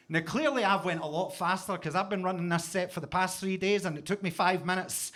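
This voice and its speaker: Scottish comedian guy on stage, high voice, self-mocking, tells it punchy. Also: brisk, few pauses, a bit bright. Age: 40s. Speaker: stand-up comedian. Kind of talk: stand-up set. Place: basement comedy club stage.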